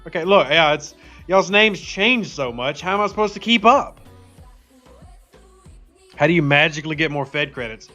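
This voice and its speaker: A man's voice: a little high, lively intonation, normal speed, pauses often, bright, forceful tone. A man hosting a casual live game stream, chatting in an upbeat way and greeting viewers by name. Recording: slightly dull lo-fi audio with faint music.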